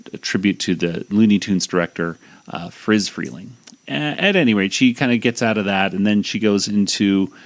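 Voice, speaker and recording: A man hosting a podcast, casually recapping a cartoon episode in a rambling way with lots of fillers and restarts. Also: low voice. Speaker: podcast host.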